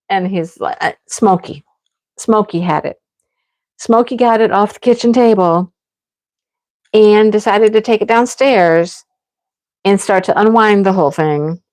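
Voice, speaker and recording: A woman's voice: mid-range voice, darkish tone. A woman hosting a casual live stream from home, chatting and telling stories with frequent laughs. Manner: chatty, laughs often, rambling storytelling. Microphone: camera on tripod.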